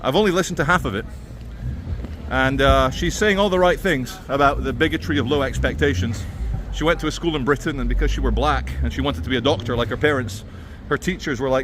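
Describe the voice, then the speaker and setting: A man's voice: medium pitch, fairly quick, fairly bright tone, slight background noise. A man vlogging as he walks outdoors through a city, talking in a sardonic, ranting way. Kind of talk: walking vlog commentary.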